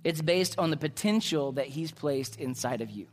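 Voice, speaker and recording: A man's voice: a little high, animated, moderate pace, faint music behind. Emphatic male pastor preaching. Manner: emphatic, repetitive preaching with rising and falling intensity. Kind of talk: sermon.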